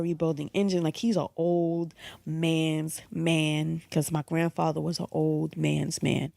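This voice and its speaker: A woman in her thirties, a psychotherapist from the United States, telling a personal story in a candid, animated way and acting out the voices she quotes. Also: on the low side, creaky, no echo.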